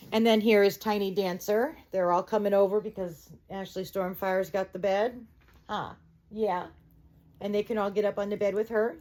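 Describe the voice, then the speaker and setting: A woman's voice: medium pitch, moderate pace, a little mellow. A woman reading a novel aloud to her viewers at home, with chatty asides. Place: bedroom at home.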